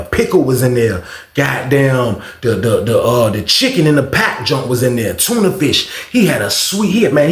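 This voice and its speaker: A man spins a story in an animated, profane, loose way, tossing in repeated exclamations. His voice sits at a middling pitch. The recording has a roomy echo around it. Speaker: storytime host. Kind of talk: casual storytelling.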